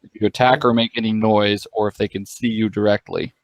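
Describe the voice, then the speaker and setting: A man with a fairly low voice talks through his turn in a tabletop game, pausing and hedging as he works out each move. The sound is dry and close, with no room echo around it. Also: fairly even intonation. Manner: thinks aloud with hesitant fillers. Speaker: player. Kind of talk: casual tabletop game talk.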